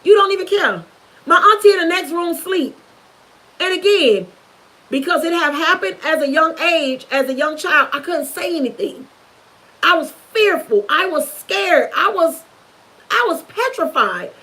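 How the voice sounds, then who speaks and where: A woman's voice: very high voice, expressive, a little slow, bright, forceful tone, rough recording. A young woman vlogger giving an emotional personal testimony to the camera, earnest and intense, repeating herself for emphasis. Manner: earnest, repetitive, intense storytelling.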